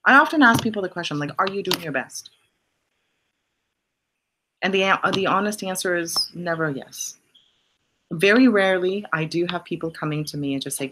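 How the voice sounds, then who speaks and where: A woman's voice: moderate pace, long pauses, bright, forceful tone, a little hiss or hum. A woman hosting a casual motivational live stream, answering viewer questions bluntly and swearing for emphasis. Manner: jumps up in pitch on punchy repeated lines.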